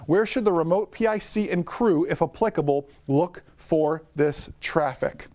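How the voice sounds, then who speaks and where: Fast-talking upbeat male instructor. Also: fairly high pitch, darkish tone. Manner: fast, upbeat, talks to viewers by name. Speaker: drone pilot instructor. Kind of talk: live online lesson.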